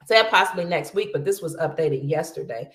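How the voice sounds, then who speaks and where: A woman's voice: sits low, expressive, fairly quick, a bit bright, echoey room. A middle-aged woman hosting casual news commentary, chatty, addressing her viewers as family and reading lists aloud. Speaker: host.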